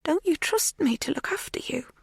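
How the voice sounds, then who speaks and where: A narrator voicing an unhinged woman who talks in a plaintive, hushed, sometimes whispered way. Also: sits high, animated, moderate pace, creaky, dry recording, clean studio sound, pitched above the performer's own voice. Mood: menacing hush.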